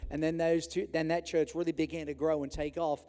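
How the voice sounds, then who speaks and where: A man's voice: on the high side, flat delivery, brisk. An Australian man, the host pastor, introducing a guest speaker with rising praise. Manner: warm praising introduction building to a shout. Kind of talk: sermon introduction. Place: large church hall. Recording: echoey hall with music.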